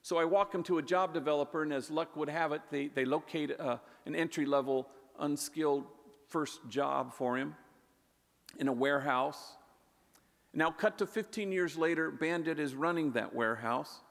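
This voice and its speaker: A man, a priest, telling stories in a warm conversational way in a public talk, sprinkling in Spanish words. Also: a little high, normal speed, vocal fry. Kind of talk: storytelling speech. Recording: echoey hall with long reverb.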